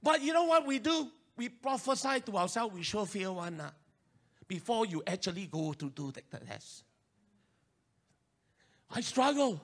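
A male pastor with a Singaporean English accent, preaching an animated sermon and urging his listeners to respond. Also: very high-pitched, moderate pace, pauses often.

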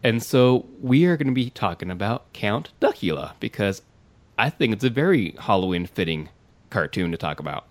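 American dude hosting a podcast, lowish voice, chatty, trips over words a bit. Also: male voice, very animated, normal speed. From United States. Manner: chatty, self-deprecating, restarts often. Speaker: podcast host. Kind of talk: casual chat.

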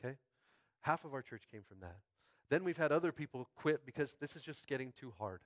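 A man preaching a sermon as pastor, fervent and calling out to his congregation, swinging from quiet musing to shouted climaxes. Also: mid-range voice, lively intonation, brisk, no room sound, studio quality. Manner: calls out to the congregation. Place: school space used as a church.

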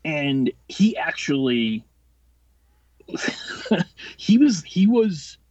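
A young man in his late twenties rambles through an anecdote, swearing freely and restarting his sentences as he builds the tale. His voice sits a bit higher than most men's. The recording is dry and slightly dull, with a lo-fi podcast sound. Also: sing-song, darkish tone, dry recording. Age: 20s. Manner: profane, rambling, quick-tempered delivery. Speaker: podcast guest. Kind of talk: casual storytelling.

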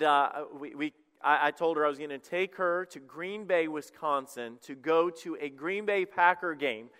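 A middle-aged male pastor preaching from the stage in a church, with a high, smooth, resonant voice. He tells stories in a chatty, self-deprecating way, full of quick restarts. The sound carries a long hall echo. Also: sharp tone. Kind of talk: sermon. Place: church sanctuary.

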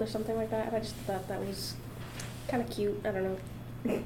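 A woman's voice: fairly high pitch, fairly even intonation, fast, warm tone, a little hiss or hum. A young woman chatting casually, hesitant and often trailing off. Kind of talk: casual chat. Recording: roomy echo.

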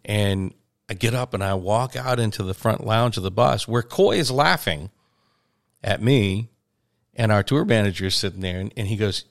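A man's voice: lowish voice, animated, moderate pace, creaky, no room sound, clean studio sound. A man telling a long, rambling touring anecdote in casual conversation, acting out the quoted voices. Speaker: touring musician guest. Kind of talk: storytelling in casual chat.

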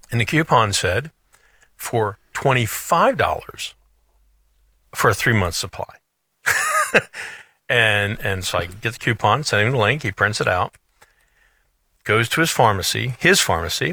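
A middle-aged male radio host with a low, gravelly voice that has a bright, forceful edge. He rambles through animated stories, restarting his sentences often. The studio sound is dry and close. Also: no echo. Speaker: radio show host, financial advisor. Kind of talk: casual radio chat.

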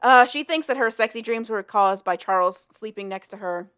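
A woman's voice: fairly high pitch, normal speed, clean tone. Woman casually recapping a story. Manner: animated retelling with profanity and laughter.

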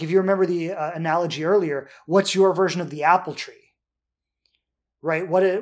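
Earnest high-voiced male relationship coach. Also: a little mellow. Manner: earnest, repeats "right?" often. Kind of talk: answering listener questions.

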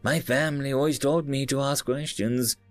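A man's voice: mid-range voice, steady tone, normal speed, no echo, soft background music, voice pushed up, close to an everyday voice. A man voicing a young male acolyte who talks in a whiny, sing-song childlike way.

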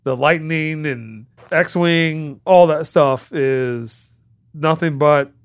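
A man's voice: a little high, extremely slow, smooth, dry recording, clean studio sound. A man hosting a podcast in casual chat, rambling and acting out quotes as he goes. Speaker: podcast host.

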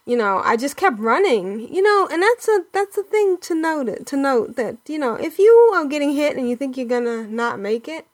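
A woman chatting casually on a gaming podcast, with a voice pitched a little above the usual and a habit of laughing between thoughts. The sound is dry and close, with no room around it. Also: lively intonation, normal speed, hardly any pauses, dry recording. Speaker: podcast co-host.

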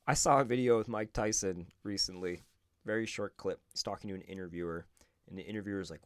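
Brief: male podcast host, deep voice, reflective conversational commentary with small restarts. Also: fast, dry recording. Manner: thoughtful, conversational, with self-corrections.

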